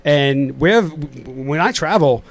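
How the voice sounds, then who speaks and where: A man's voice: fairly high pitch, lively intonation, slow, vocal fry. A middle-aged man from Queens with a New York accent, hosting a casual podcast interview and rambling with lots of fillers and restarts. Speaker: podcast host.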